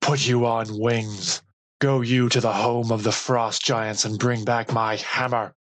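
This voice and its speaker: A man's voice: mid-range voice, fairly even intonation, a little slow, dry recording, close to an everyday voice. Man playing a raging thunder god. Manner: commanding, raging shouts. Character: furious mighty male thunder god.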